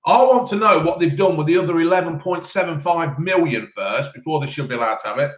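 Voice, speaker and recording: A man's voice: fairly high pitch, fast, a bit bright. Chatty man, roomy sound. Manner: chatty, rambling, lots of ums. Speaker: live-stream host answering chat. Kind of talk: casual live chat while eating. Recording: roomy echo.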